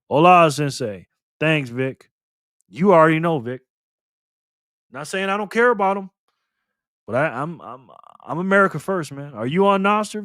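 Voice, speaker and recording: A man hosting a casual livestream, reading and answering the chat excitedly. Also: on the high side, no room sound, studio quality. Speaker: livestream host.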